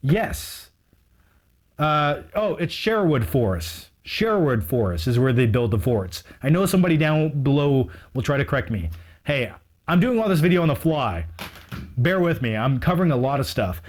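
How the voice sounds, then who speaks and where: A man's voice: mid-range voice, sing-song, normal speed. A man showing his movie collection in a casual, unscripted video, rambling with enthusiasm and poking fun at himself. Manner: rambling, enthusiastic, self-mocking.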